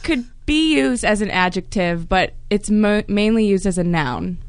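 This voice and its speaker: A woman's voice: mid-range voice, animated, measured pace. A woman from Ireland, quizzing friends in a casual podcast chat. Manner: giggly, quizzing the others. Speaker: podcast co-host.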